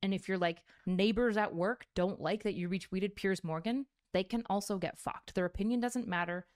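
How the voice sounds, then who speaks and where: A woman's voice: mid-range voice, moderate pace, clean tone. A woman content creator talking bluntly and profanely in a rambling casual stream. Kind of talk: clip of casual stream talk.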